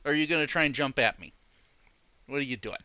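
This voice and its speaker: A man hosting a casual livestream from his computer on a headset mic, chatty and easygoing with frequent soft laughs. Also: medium pitch, quick pace, no echo, lo-fi sound. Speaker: streamer. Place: home room at his computer. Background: faint background music.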